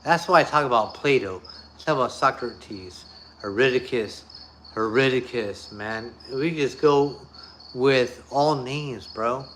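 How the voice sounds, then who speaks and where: A man with a mid-range, slightly bright voice speaks at a measured pace over faint background noise. He's a YouTuber addressing viewers in an improvised monologue, cursing bluntly and repeating points to drive them home.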